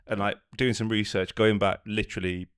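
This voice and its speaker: Wry man with a smooth, dry voice. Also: on the low side, flat delivery, brisk, fairly bright tone, no room sound. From north of England. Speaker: podcast co-host. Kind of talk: casual chat.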